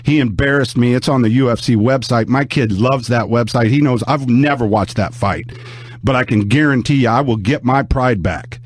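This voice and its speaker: A man's voice: mid-range voice, moderate pace. A man talking casually on a podcast, rambling and swearing, sounding sore and worn out. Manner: rambling, profane, restarts often.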